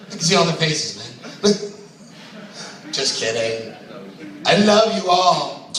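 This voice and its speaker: A man's voice: on the high side, animated, takes it slowly, a bit bright. A man doing open mic stand-up, crude and brash, laughing at his own jokes. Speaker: stand-up comedian. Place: comedy club stage. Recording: echoey room from far off.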